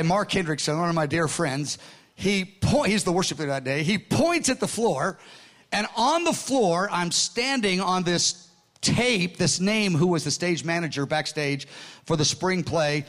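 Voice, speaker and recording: High-voiced older man preaching. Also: a little slow. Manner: excited, earnest storytelling with frequent restarts. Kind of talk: sermon storytelling.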